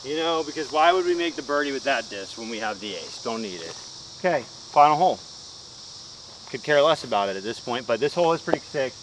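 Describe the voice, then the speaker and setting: A man's voice: mid-range voice, lively intonation, a little fast, fairly bright tone, slight background noise, poor audio. A man talking casually as he plays a disc golf course outdoors, chatty, upbeat and self-deprecating, explaining each shot. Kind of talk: casual play-by-play commentary while playing.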